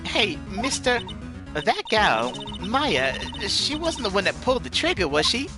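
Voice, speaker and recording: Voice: mid-range voice, sing-song, a little slow, over music, voice pushed up. A streamer voicing a brash, nosy young country photographer with a put-on Southern accent, in a let's-play. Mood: gossipy. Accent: put-on American Southern. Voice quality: twangy, folksy.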